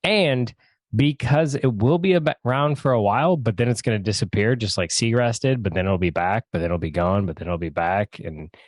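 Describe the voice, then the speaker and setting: A man with a lowish voice co-hosts a relaxed bourbon tasting. He riffs with playful jokes between notes. The sound is close and dry, with no room around it. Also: brisk, dry recording. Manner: joking, playful asides. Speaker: bourbon review co-host. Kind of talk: casual chat.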